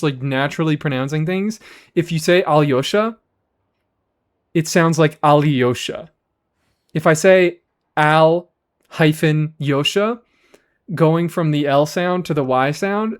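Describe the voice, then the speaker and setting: A man with a voice on the high side streams a game live, chatting casually with his audience. He rambles in an animated way and swears freely.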